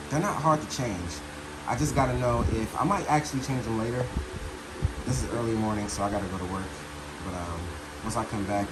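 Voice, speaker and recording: Brief: laid-back man with a lowish voice, rambling DIY bike vlog, noisy ambience. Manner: rambling, easygoing, many fillers. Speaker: motorcycle vlogger. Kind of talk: casual DIY repair vlog. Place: working on a motorcycle.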